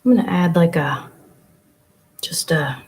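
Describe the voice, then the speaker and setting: A young adult woman with a low, darkish voice and a measured pace hosts a casual painting class, live-streamed into her laptop mic. She chats and rambles, talking to herself as she paints.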